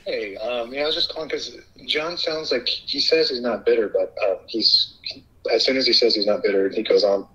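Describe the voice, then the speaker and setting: Man, radio caller, quick hesitant speech, husky, muffled lo-fi phone sound. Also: medium pitch, bright, forceful tone. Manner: rapid, hesitant, filler-heavy. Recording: lo-fi phone call.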